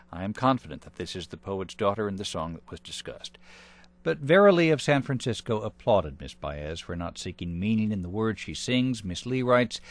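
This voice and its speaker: A man hosting a public radio program, reading listener letters in a dry, wry scripted delivery. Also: on the low side.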